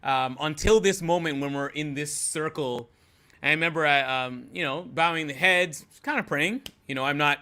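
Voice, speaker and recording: A young man telling a personal story as a podcast guest in a relaxed, easygoing way, full of fillers. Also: a little high, moderate pace. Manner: relaxed, many fillers like "you know" and "um". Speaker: guest, host's husband. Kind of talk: casual storytelling.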